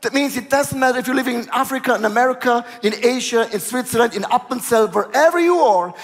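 A male pastor preaching a sermon, telling stories in an animated way with dramatic pauses. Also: very high voice, long reverb tail.

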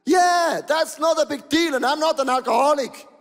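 A male pastor voicing a hurt, indignant man who insists he is not an alcoholic, in a loud, whiny protest. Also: extremely high pitch, moderate pace, pitched above the performer's own voice. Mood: defensive. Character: indignant man denying he drinks too much. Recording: long hall reverb.

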